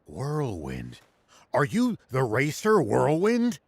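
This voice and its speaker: A cautious older traveling companion, giving careful warnings with a varied, expressive pitch. The game voice is dry. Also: male voice, slightly rough, no room sound, full character voice. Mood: impressed. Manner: concerned, measured warnings. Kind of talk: video game dialogue.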